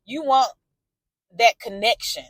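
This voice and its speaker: A woman's voice: on the high side, takes it slowly, fairly bright tone, dry recording. A woman talking candidly in a personal vlog from her car, emotional and outspoken, swearing and answering back to a story she follows. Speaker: vlogger.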